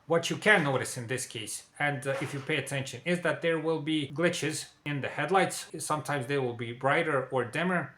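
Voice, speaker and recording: A man's voice: medium pitch, bright, forceful tone, roomy sound. A man presenting a car repair lesson, walking viewers through warning signs step by step, often checking in with "okay?" and addressing "dear viewers". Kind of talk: instructional explainer.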